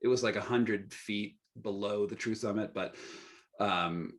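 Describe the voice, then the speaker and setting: Animated storytelling man, curses freely. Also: on the low side, a little slow. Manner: profane, animated, laughing asides. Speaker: guest author. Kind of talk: casual storytelling.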